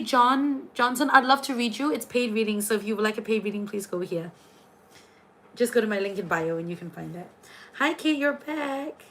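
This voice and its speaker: A young Singaporean woman with a Singaporean accent, hosting a casual livestream from her room as a tarot reader. She talks in a gushing, chatty way, full of fillers and restarts. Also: mid-range voice.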